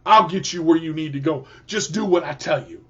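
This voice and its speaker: A man's voice: fairly high pitch, fairly quick, pushed and bright, highs cut off. A man hosting a radio show, giving an emphatic motivational talk in a preacher-like way and often repeating himself.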